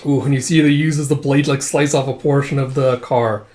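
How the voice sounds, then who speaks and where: A man's voice: mid-range voice, fairly even intonation, brisk, a little mellow. A man casually reading through a manga and narrating the action, with rambling, profane asides. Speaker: manga reader. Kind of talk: casual read-through with commentary.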